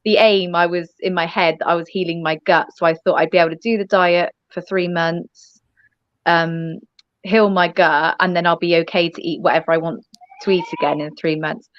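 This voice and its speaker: A woman guest telling her story in a casual interview, halting with many ums and restarts. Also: fairly low pitch, fairly even intonation, no room sound. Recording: dull lo-fi dry sound.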